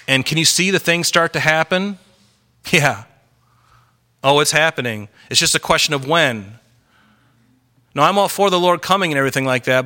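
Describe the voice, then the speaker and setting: Bright-voiced male preacher. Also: medium pitch. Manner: emphatic, preaching with rhetorical questions. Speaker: pastor. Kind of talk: sermon.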